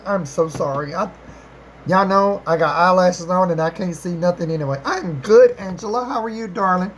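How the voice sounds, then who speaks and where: On a casual live stream, a chatty host answers viewers' questions and calls them darling and baby. She wanders, repeats, and rephrases, with sudden swoops up in pitch on greetings around a mid-range voice, speaking at normal speed. Faint noise sits beneath the rough recording.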